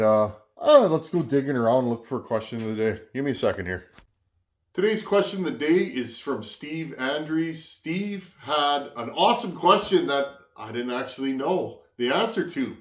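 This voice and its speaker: A man's voice: mid-range voice, a little mellow. A man hosting a casual workshop vlog, chatty and rambling as he works with his tools, sometimes moving off the camera mic. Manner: chatty and rambling, talks while working with tools. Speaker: chainsaw channel host.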